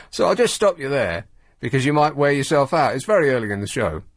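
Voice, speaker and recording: A man's voice: mid-range voice, lively intonation, normal speed. A man hosting a talk radio show, riffing sardonically on news stories with mocking asides. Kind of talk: late-night radio monologue. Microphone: studio microphone.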